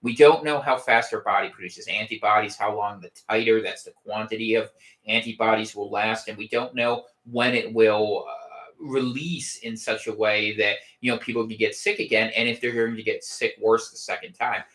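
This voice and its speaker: A man's voice: fairly low pitch, steady tone, moderate pace, fairly bright tone. A man hosting a casual podcast livestream from home, rambling with wry gallows humor and frequent restarts. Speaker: podcast host. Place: home room.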